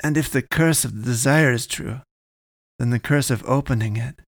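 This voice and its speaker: A man voicing a frightened civilian man who pleads in a hushed voice. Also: medium pitch, moderate pace, dry recording, studio quality, natural voice. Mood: pleading.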